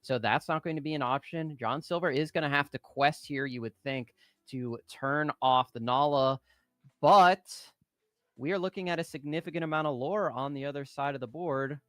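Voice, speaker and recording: A man casting a live trading card game match, breaking down plays in a measured, analytical way with the odd pun. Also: fairly high pitch, a bit bright, no room sound, clean studio sound. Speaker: caster.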